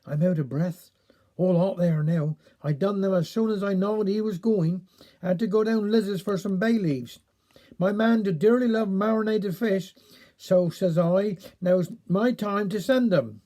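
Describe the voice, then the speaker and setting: A man's voice: sits high, measured pace, mellow. A man doing fussy Cornish village wife. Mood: fussing. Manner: fussing, breathless chatter.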